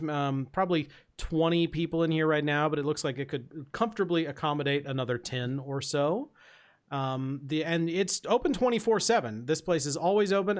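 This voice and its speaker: A man narrating a tabletop game as dungeon master, chatty and full of fillers. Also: fairly high pitch. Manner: chatty, filler-heavy, laughing easily.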